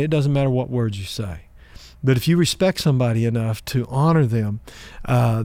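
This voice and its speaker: A male pastor gives a teaching talk on relationships, calm, measured and conversational, building points through simple examples. His voice sits at an ordinary male pitch, recorded close and dry with no room sound.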